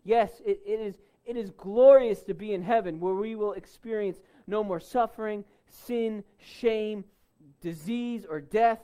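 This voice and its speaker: A man delivering a sermon in a fairly high voice at an unhurried pace. He leans hard on key words, then falls back to quiet, low tones. Plain preaching to a congregation. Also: clear, resonant tone. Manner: emphatic, swings from loud stresses to soft low asides. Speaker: pastor.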